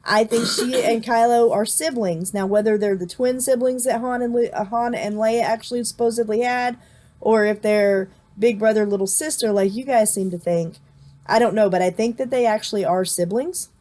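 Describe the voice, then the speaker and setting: A woman's voice: fairly high pitch, steady tone, moderate pace, a little mellow. A woman hosting a casual movie discussion, chatty and long-winded, restarting her sentences often. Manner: chatty, explains at length with frequent restarts. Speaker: host.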